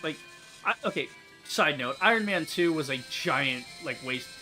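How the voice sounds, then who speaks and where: A man's voice: on the high side, lively intonation, normal speed, pushed and bright, faint music behind. A young man giving casual, rambling commentary over a game he is playing, talking on with many fillers and restarts. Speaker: gaming YouTuber.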